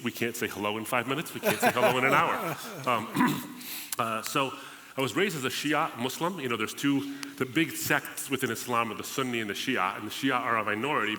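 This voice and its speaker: Man from the States, bright and forceful, wry storyteller in a long-reverb hall. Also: medium pitch, fast talker, few pauses. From United States. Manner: humorous, conversational, acts out past dialogues. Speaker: guest speaker. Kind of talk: storytelling testimony at a live event. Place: church auditorium.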